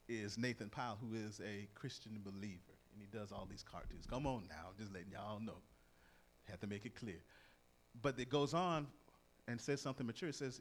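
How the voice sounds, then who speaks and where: A middle-aged man preaching a sermon in a lively, conversational way, reading verses and telling stories. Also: lowish voice. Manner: lively, conversational, acts out quoted voices.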